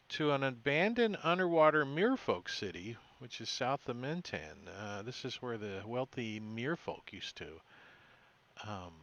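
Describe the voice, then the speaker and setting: A man running a tabletop game as game master, recapping the session in a halting way with many fillers and self-corrections. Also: medium pitch, a bit bright, muffled recording.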